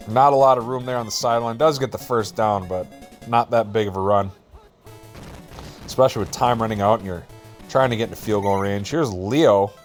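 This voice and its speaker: A man doing relaxed, jokey play-by-play commentary over a video football game, with self-deprecating asides. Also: lowish voice.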